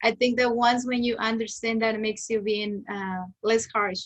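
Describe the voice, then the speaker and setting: A woman's voice: on the high side, little pitch movement, normal speed, poor audio. Mexican woman, encouraging and chatty. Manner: encouraging, talks in long run-on thoughts with many "you know"s. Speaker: host. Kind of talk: casual interview chat.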